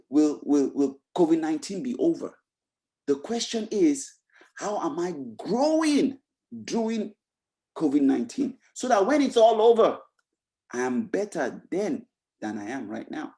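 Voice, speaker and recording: A motivational speaker addresses a webinar audience over a video call in a mellow, warm tone. The delivery is emphatic and repetitive, full of rhetorical questions and restarts padded with "you know.". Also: mid-range voice.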